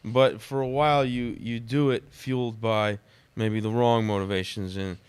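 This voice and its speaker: A man who is a podcast guest, telling personal stories in a dramatic, animated way during casual conversation. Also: fairly low pitch, moderate pace, clean tone, dry recording.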